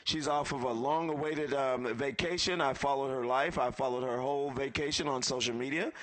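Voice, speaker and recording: A man's voice: mid-range voice, steady tone, brisk, a bit bright. A man emceeing a live event, thanking sponsors and calling guests up one by one in an upbeat way.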